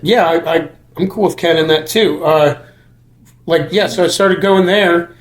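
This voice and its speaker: A man's voice: a little high, a little slow, echoey room, soft background music. A man hosting a casual chat about comedy, rambling and often restarting his sentences. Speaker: comedian and podcast host.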